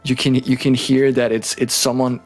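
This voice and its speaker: A man's voice: mid-range voice, flat delivery, normal speed, faint music behind. A man narrating a tabletop game as game master, who jokes, swears and teases his players. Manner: laughing, swearing, playful teasing.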